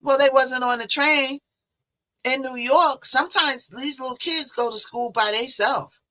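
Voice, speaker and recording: Woman host, bright voice, casual and talky, tosses in rhetorical questions. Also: sits high, a little slow. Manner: chatty, conversational, rhetorical asides. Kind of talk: casual commentary on a news case.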